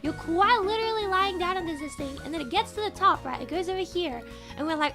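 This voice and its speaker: A young woman streamer telling a story in casual, animated chat, often breaking into excited shouts. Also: very high voice, quick pace, over music.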